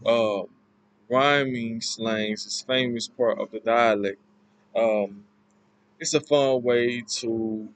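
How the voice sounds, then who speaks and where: A man giving an informal class presentation, explaining in a halting, loosely worded way. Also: mid-range voice, poor audio. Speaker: student presenter.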